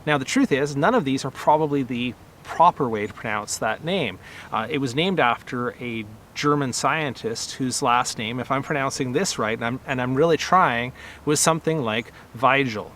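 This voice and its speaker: A middle-aged man who runs a rose nursery, talking casually to camera in a relaxed, conversational way, with fillers and self-corrections. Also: mid-range voice, normal speed, slight background noise. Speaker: rose nursery grower and channel host.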